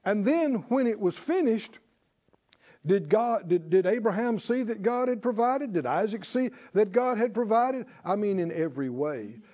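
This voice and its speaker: Male preacher, high voice, very lively pitch, emphatic sermon delivery, drawn-out stresses. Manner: animated, emphatic, rising to exclamations.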